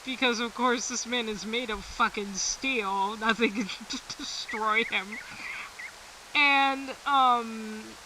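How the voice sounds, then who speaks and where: Woman streamer rambling slow w lots of laughs, faint hiss, mic kinda far. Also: on the high side, fairly even intonation. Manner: rambling, laughs often between phrases, swears casually. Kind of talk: casual storytelling on a game stream.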